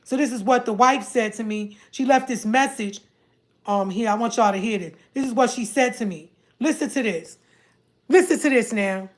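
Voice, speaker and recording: A high-pitched woman recounts a personal saga to her viewers. She talks casually and with animation, repeating herself and quoting the people in her story. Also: normal speed. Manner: animated, repeats herself, quotes others in dialogue. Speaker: vlogger telling a personal story.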